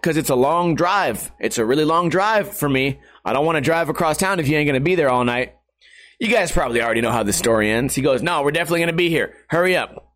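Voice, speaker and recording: A young man hosting a podcast, telling rambling, profane stories in a tired, low-energy way. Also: fairly bright tone. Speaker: podcast host. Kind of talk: casual storytelling monologue.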